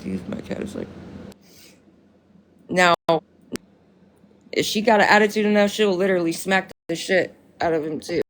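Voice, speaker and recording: A woman's voice: on the low side, moderate pace, pauses often. A young woman chatting casually on a phone live stream, slangy and profane, often breaking into laughter while answering viewers.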